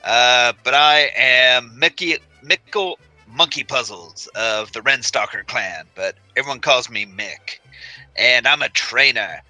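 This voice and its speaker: A man's voice: mid-range voice, unhurried, sharp tone, soft background music, low-quality recording. A man playing a tabletop game, talking in character in a chatty, enthusiastic way. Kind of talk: in-character role-play.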